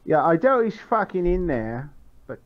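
A man's voice: a little high, sing-song, moderate pace. Man giving party orders, lo-fi sound. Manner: directive, plans the party's moves. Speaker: player. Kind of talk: casual tabletop game talk.

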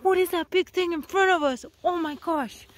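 A woman's voice: very high-pitched, steady tone, moderate pace, voice pushed up. A woman voicing a skittish young mare, gasping in breathless wonder at something new. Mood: startled.

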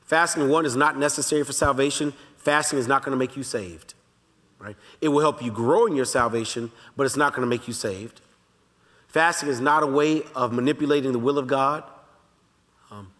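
A man's voice: mid-range voice, steady tone, fairly bright tone. Man teaching in a reverberant church. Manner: talks straight to the room, repeats key lines slowly, folksy asides. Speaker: pastor teaching Bible study. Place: church sanctuary. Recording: long reverb of a large church hall.

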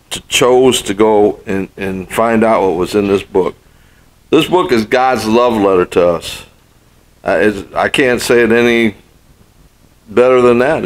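An older male pastor gives a sermon in a mid-pitched voice. His style is folksy and story-driven, and he repeats key phrases to drive them home. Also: low-quality recording.

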